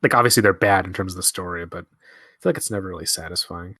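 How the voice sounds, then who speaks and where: A man's voice: sits low, fast talker, bright, forceful tone, no echo, studio quality. A young man giving casual, laid-back movie commentary, musing aloud and swearing freely. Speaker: film commentary host.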